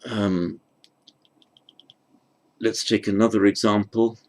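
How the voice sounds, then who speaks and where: A man's voice: lowish voice, level tone, slow pace. A man giving a grammar lecture, thinking aloud with fillers and self-corrections. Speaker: teacher.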